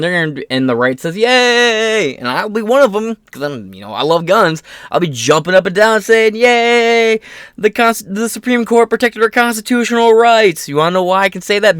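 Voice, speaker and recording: A man's voice: medium pitch, a bit bright, no room sound, clean studio sound. A man giving a profane, mocking political rant, swearing constantly and sneering at his opponents. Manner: reads quotes aloud, mocks opponents in put-on voices. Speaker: political commentary host. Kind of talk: profane ranting commentary.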